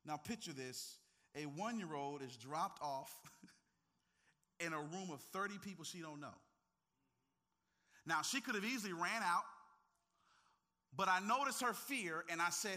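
A man preaching with a strikingly high, piercing voice that has a cutting, bright edge. He moves from quiet, conversational asides into impassioned, near-shouted climaxes. He talks straight to his congregation, teasing them along the way. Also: lively intonation, a little slow, long pauses. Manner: impassioned, swinging from hushed to shouting. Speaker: pastor. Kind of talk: sermon.

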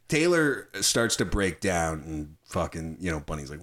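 A man with a low voice talks through a film in casual chat. His pitch swings widely as he gets animated, and he swears freely while acting out lines from the scenes he retells. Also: measured pace, few pauses.

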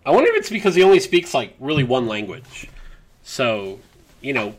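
A man's voice: mid-range voice, very animated, moderate pace. A man co-hosting a casual podcast chat, joking and teasing. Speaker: podcast co-host.

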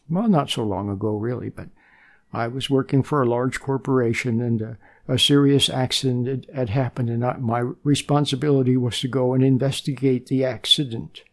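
Gravelly older man giving a gentle spiritual talk. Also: medium pitch. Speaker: meditation teacher.

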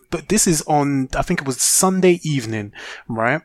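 A man's voice: on the high side, animated, normal speed. A man co-hosting a casual football podcast, heated and opinionated, with lots of fillers and restarts. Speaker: podcast co-host.

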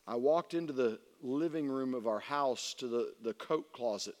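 A middle-aged man preaching as a youth pastor, telling a personal story that swings from hushed to shouting. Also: medium pitch, moderate pace. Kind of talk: sermon. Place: large church hall. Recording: long hall reverb.

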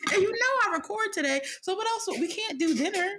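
Brief: woman podcast co-host, giggly storyteller, animated voice, casual kitchen chat. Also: extremely high pitch. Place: home kitchen.

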